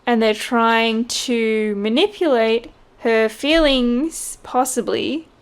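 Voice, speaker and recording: A woman giving a casual tarot reading, chatty and quick to laugh. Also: a little high, smooth. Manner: chatty, laughs often, mimics voices in quotes. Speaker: tarot reader.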